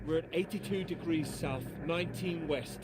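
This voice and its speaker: A man's voice: fairly high pitch, moderate pace, very noisy, lightly acted. An actor playing an anxious stranded male academic calling urgently over a radio in a video game.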